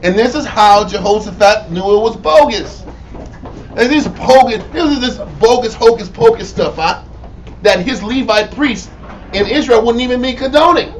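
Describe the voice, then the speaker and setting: A man's voice: very high voice, expressive, normal speed. A man leading a bible study, teaching emphatically and prompting the reader with "Read on" and "Right?". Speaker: teacher leading a scripture reading. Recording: dull lo-fi audio with faint noise.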